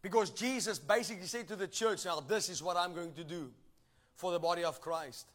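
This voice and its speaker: A high-pitched man preaches at a fairly quick pace, his delivery emphatic. He calls for responses from the congregation and builds up to shouted passages.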